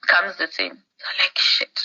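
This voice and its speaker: A Kenyan woman tells a story on a phone call and acts out everyone she quotes, with Swahili words slipping in. Her voice is very bright and sharp, and it sounds a little muffled through the line. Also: mid-range voice, normal speed, creaky. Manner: animated storytelling, acting out the people she quotes. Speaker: podcast guest. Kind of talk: casual chat over a phone call.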